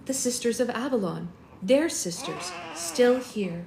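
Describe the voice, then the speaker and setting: A woman's voice: a little high, very animated, measured pace, a little mellow, roomy sound, a little hiss or hum. Young woman reading a novel aloud. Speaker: readalong host.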